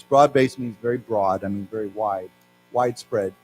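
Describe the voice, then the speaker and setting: An American man teaching English to a class, explaining words slowly, having the class repeat them, and dropping Mandarin words into his explanations. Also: on the low side, a little mellow, poor audio. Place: lecture room with audience. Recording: faint music and mains hum behind.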